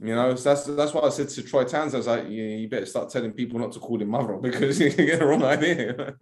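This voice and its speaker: A man's voice: medium pitch, fast talker. A man co-hosting a fantasy football podcast, chatting casually and animatedly, swearing freely. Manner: animated, swearing, does mock voices. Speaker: podcast co-host. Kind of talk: casual banter.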